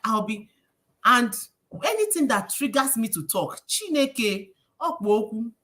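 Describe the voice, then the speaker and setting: A woman with a Nigerian accent hosting a casual livestream, preachy and lively, slipping in Pidgin phrases. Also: a little high, unhurried. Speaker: livestream host.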